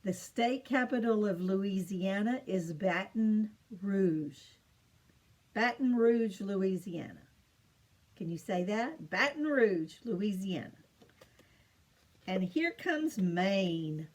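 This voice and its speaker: Middle-aged woman, patient children's teacher, drawn-out sing-song delivery, mid-pitched. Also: lively intonation, darkish tone. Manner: slow and patient, repeats each capital in a sing-song lilt. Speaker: teacher of state capitals to children. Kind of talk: slow home-made lesson for children.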